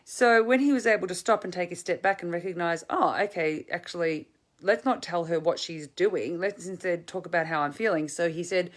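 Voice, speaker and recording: A woman's voice: lowish voice, a little fast. A woman relationship coach giving advice to camera in a conversational way, thinking aloud with frequent restarts and fillers. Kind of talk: direct-to-camera advice talk.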